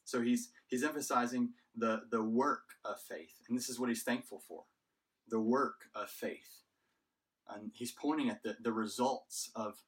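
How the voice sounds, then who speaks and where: A pastor with a low voice delivers a sermon to his church at an unhurried pace. He often repeats a word before pressing on. He sounds set back from the microphone. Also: slightly rough, recorded from a distance, rough recording. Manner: measured preaching with frequent word repetitions.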